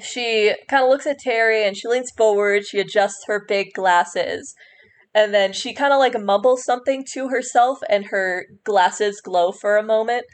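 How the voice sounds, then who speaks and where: A woman narrating as game master of a tabletop game, relaxed and descriptive. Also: medium pitch, normal speed.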